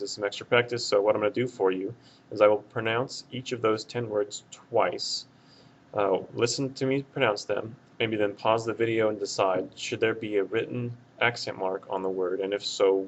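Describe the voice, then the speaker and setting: A man with a fairly low voice teaches a recorded Spanish lesson. He says drill words slowly and clearly and explains answers patiently. Faint room noise sits behind him. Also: steady tone, low-quality recording. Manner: clear, slow, drilled pronunciation of single words.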